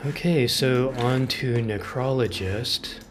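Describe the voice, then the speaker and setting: A man's voice: mid-range voice, takes it slowly, noisy background. A man hosting a gaming video, explaining team setups in casual commentary and exclaiming with enthusiasm over game details.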